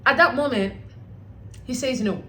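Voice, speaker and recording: Animated woman chatting through a recap. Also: fairly high pitch, unhurried, poor audio. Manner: animated, chatty, blunt with casual swearing. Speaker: host of a reality show recap channel. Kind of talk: casual recap commentary.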